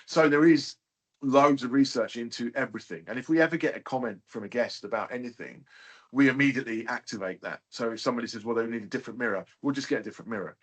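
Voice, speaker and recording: Male hotel owner, interview guest, mid-range voice, relaxed and talkative, loose filler-heavy delivery. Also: mid-range voice. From United Kingdom. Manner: chatty, many fillers like "you know". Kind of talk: casual interview chat.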